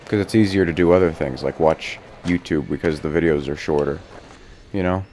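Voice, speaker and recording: A man's voice: a bass voice, a little fast, a little mellow, a little hiss or hum. A young man giving casual gameplay commentary, rambling between topics, swearing often and joking at his own expense. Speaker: gaming YouTuber.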